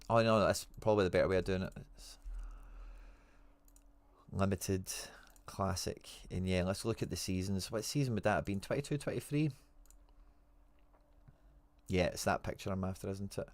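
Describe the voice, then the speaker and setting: A Scottish man hosts a relaxed livestream, reading out viewer comments and answering with slang and friendly teasing. His voice sits on the low side. The sound is dry and close, with no room echo. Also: moderate pace, pauses often. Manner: chatty, reads out viewer comments and answers them. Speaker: livestream host. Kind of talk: casual livestream chat.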